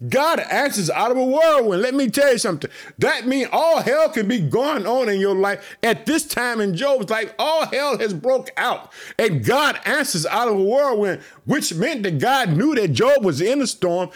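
A man preaching to his podcast listeners as pastor, excited and repetitive. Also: very high-pitched, moderate pace, few pauses. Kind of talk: podcast sermon.

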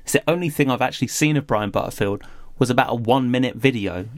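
A man's voice: mid-range voice, fast talker, dry recording, clean studio sound. A man, co-hosting a podcast, talking thoughtfully and animatedly with some laughter. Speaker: podcast co-host. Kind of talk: casual podcast review chat.

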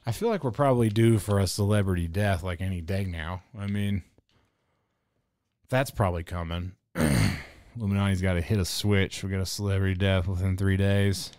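A man's voice: sits low, steady tone, normal speed, a little mellow, smooth, dry recording, clean studio sound. A man hosting a podcast in casual, rambling chat, swearing often and slipping into heated rants. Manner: profane, rambling, ranting. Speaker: podcast host.

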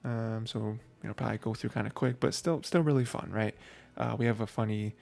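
A man hosting a podcast, recapping anime episodes in a rambling, excitable way full of filler phrases. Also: fairly low pitch, a little fast, creaky. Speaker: podcast host.

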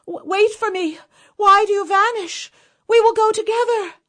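A woman voicing a grieving young queen in a storybook reading, crying out in high, desperate anguish. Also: fairly even intonation, slow pace, sharp tone, heavily acted.

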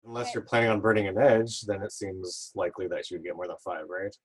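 A man's voice: sits low, fast, slightly rough. A man playing in a tabletop game, chatting casually and making jokes. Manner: joking, teasing. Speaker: player.

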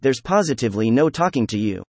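A man's voice: mid-range voice, sing-song, fast, darkish tone, no echo. A man voicing a proud, hot-tempered young man who speaks in gloomy, defiant outbursts. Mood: exasperated.

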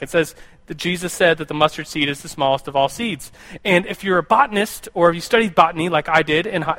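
A man's voice: sits high, pushed and bright. A young man speaking casually to a group as a teacher of the Bible, often repeating words and stopping to ask the listeners questions. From United States. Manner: rambling, repeats words, asks the audience questions. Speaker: youth pastor or Bible teacher. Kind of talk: casual sermon to a live group.

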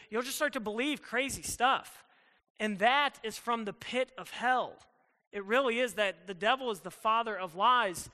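A man's voice: very high voice, normal speed, bright, forceful tone, big-room sound. A young man preaching to a youth group, emphatic and conversational, acting out the doubts of his listeners. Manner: emphatic and conversational, acts out inner thoughts. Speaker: youth pastor. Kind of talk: sermon.

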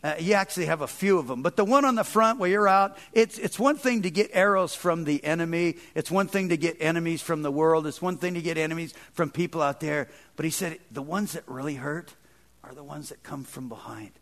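Man, pastor, high voice, sermon, conversational, shifts from loud emphasis to soft hushed lines. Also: fairly quick. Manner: swings between loud emphatic stretches and soft low passages; conversational, with frequent "man" and "kind of".

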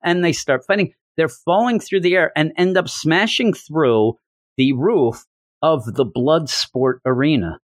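A man's voice: fairly high pitch, unhurried, no room sound, studio quality. A middle-aged man casually and enthusiastically recapping a story, rambling, repeating words and acting out the dialogue. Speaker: comic book reviewer.

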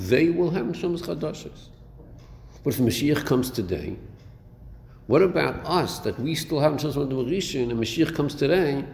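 A man's voice: medium pitch, gravelly, a little mellow. Man teaching in an echoey hall. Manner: questioning, rhetorical, mixes Hebrew terms into English. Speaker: Torah teacher. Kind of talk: classroom lecture on Chassidic text. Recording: echoey hall recording with faint noise.

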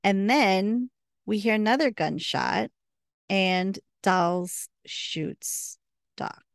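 A woman's voice: medium pitch, expressive, very slow, creaky, dry recording, studio quality. A woman co-hosting a podcast, chatting casually and recounting scenes with quoted dialogue. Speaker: podcast co-host. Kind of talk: casual recap chat.

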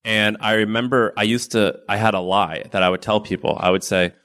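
A man's voice: on the low side, fairly even intonation, a little fast, fairly bright tone. A man as a podcast guest, telling rambling stories in casual conversation and laughing often.

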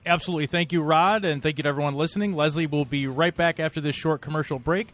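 A man's voice: on the high side, fast, fairly bright tone. A man guest-hosting a talk radio show, chatting in a friendly, conversational way with frequent fillers.

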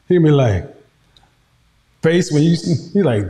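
A man's voice: a little high, expressive, moderate pace, dark tone, roomy sound. A man hosting a casual commentary, teasing and mocking with frequent laughter. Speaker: host.

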